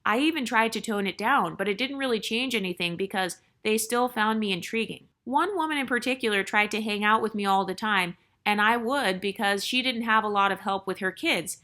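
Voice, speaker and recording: A woman's voice: mid-range voice, a little fast, hardly any pauses, pushed and bright. A woman hosting her channel, reading a viewer's story aloud in a chatty way and breaking in with joking asides.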